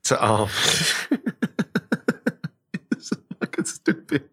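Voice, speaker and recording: A man telling a long personal story in casual chat, animated and profane, often restarting his sentences. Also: very slow, dry recording, studio quality.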